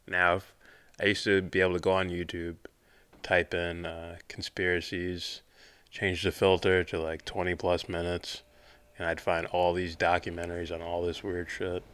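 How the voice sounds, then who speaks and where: A man's voice: low-pitched, monotone, measured pace, a bit bright, clean tone. A man co-hosting a podcast in casual chat, laid-back and self-mocking, swearing now and then. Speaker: podcast co-host.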